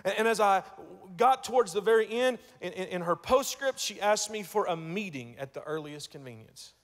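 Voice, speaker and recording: A man preaches to his congregation, his voice sitting a little high for a man and carrying a long hall reverb. He tells a story and doubles words as he starts. He drops to near hush and then rises to loud emphasis. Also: lively intonation, normal speed. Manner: storytelling, repeats words when starting, swings from hushed to loud. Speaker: pastor. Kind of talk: sermon. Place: church sanctuary.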